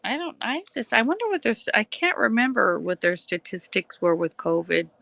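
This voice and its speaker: Gravelly, bright-voiced woman chatting on a livestream. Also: mid-range voice, very animated, moderate pace, dull audio. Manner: rambling, chatty, answers viewers' comments. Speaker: livestream host. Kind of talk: casual livestream chat. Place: home, at night.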